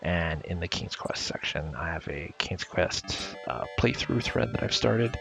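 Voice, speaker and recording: A man's voice: low voice, expressive, measured pace, creaky, fairly bright tone. A man giving casual commentary over a game he played, chatty and playfully paraphrasing the characters' dialogue. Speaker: let's play commentator. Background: game music.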